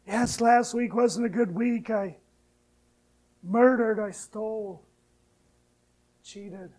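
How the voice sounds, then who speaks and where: High, mellow-voiced preacher, slow and dynamic. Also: male voice, poor audio. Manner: preaching with sharp swings between soft, hushed lines and loud, rising ones. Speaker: pastor. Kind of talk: sermon.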